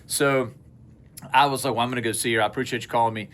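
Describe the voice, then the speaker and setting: A middle-aged man telling a long personal story in casual podcast chat, earnest and rambling, lively when he quotes people. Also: medium pitch, fast. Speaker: podcast co-host. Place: indoor studio space at a co-op.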